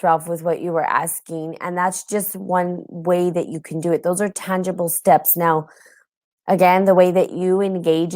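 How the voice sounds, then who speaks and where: On a clean studio recording with no room sound, a woman speaks in a lowish, darkish voice. She's a podcast host giving a casual spiritual talk to a live audience, sounding tired and yawning while chatting with lots of ums and frequent laughter.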